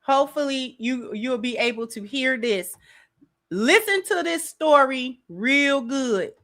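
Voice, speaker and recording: A woman hosting a commentary channel, talking in a slow, deliberate and emphatic way as she reacts to a clip. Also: high-pitched, lively intonation, a bit bright.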